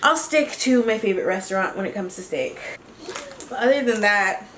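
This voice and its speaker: A woman vlogger telling a story in a casual, animated, chatty way while doing her makeup, with quick laughs. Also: mid-range voice, roomy sound, a little hiss or hum. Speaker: beauty vlogger.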